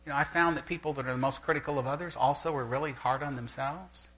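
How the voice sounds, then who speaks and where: An older man preaching a sermon to a congregation, telling anecdotes in an animated way and laughing as he goes. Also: mid-range voice, quick pace, poor audio. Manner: animated storyteller who laughs through anecdotes. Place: church gathering with a live audience.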